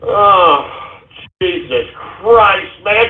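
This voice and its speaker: A man with a very high voice rants and shouts at his callers on a call-in radio show, cursing in exasperation. The sound is thin and narrow, like a phone line. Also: animated, measured pace, breathy edge.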